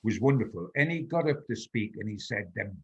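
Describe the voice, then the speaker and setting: An older man tells football stories in a husky, low-pitched voice. He is a veteran journalist being interviewed, and he chuckles through his tales and quotes the people in them. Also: animated, fairly quick, darkish tone, muffled recording. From North East England. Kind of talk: anecdotal interview storytelling.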